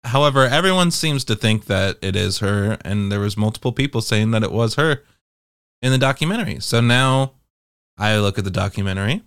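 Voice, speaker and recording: A young adult man telling a casual, profane storytime monologue to viewers in an animated way. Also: fairly low pitch, clear, resonant tone, no room sound, clean studio sound. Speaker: vlogger.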